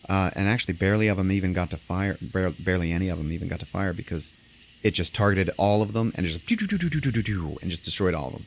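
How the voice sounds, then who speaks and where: Man, lowish voice, loose podcast recap host, rambling, tosses in voices for scenes. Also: a little hiss or hum. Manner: rambling, many fillers, acts out quotes. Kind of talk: casual movie recap chat.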